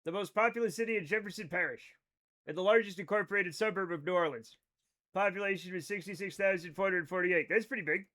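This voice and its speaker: A man's voice: high voice, fast talker, bright, forceful tone. A man with a Rhode Island accent, chatting casually on a live game stream, rambling as he reads chat aloud and riffs on it.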